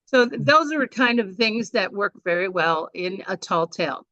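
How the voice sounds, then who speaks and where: A woman's voice: mid-range voice, moderate pace, no echo, dull audio. Chatty woman teaching on a video call. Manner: chatty, animated, with frequent restarts. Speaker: workshop presenter. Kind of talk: speaking workshop on storytelling.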